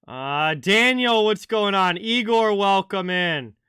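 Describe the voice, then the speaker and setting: Bright, crisp-voiced hockey stream host. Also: male voice, high-pitched, lively intonation, takes it slowly, dry recording, studio quality. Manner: conversational, answers chat viewers by name. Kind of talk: casual live-chat commentary.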